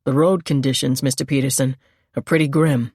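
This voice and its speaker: A woman reading a crisp, steely agent. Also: mid-range voice, fairly even intonation, a little fast, darkish tone, no echo, studio quality, close to an everyday voice. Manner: crisp, businesslike.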